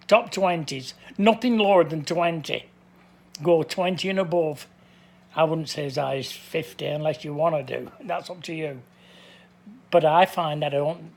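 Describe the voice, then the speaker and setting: An older man talking straight to camera in a casual, plain-spoken way, with a voice pitched a little on the high side for a man. He is blunt and keeps circling back to the same points. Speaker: vlogger.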